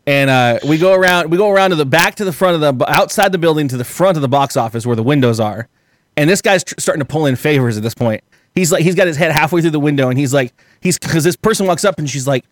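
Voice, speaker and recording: A man's voice: a little high, quick pace, dry recording, clean studio sound. A man telling a long story on a podcast in a profane, rambling way, often laughing as he talks. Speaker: podcast guest. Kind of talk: casual storytelling.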